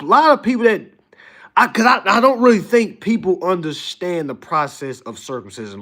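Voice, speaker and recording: On his livestream, an animated man delivers a casual ranting monologue. He calls his viewers "y'all" and mocks people with high-pitched impressions.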